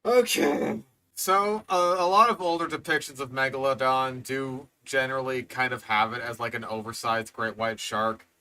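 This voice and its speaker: A man's voice: mid-range voice, moderate pace, sharp tone. A man hosting a reaction video, exasperated and swearing, rambling with fillers as he comments.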